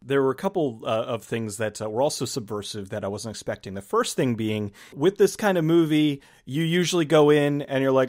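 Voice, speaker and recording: Here a movie review host talks at normal speed with few pauses, his pitch sitting in the middle range. The conversation is loose and meandering; he restarts sentences and plays out how he reacted.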